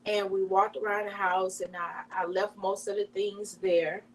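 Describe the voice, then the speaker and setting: A woman from Alabama, giving an emotional, halting personal testimony as an interview guest. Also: medium pitch, little pitch movement. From Alabama, US South. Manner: emotional, halting retelling with many restarts. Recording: distant mic with faint hum.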